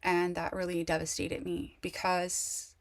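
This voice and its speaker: A woman speaking in a lowish voice, talking straight to camera about her own life. She rambles and halts, restarting sentences and reaching for words. She stays candid and raw throughout. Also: level tone, gravelly. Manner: rambling, halting, many restarts and fillers; candid and emotional. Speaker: vlogger. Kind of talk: casual personal monologue.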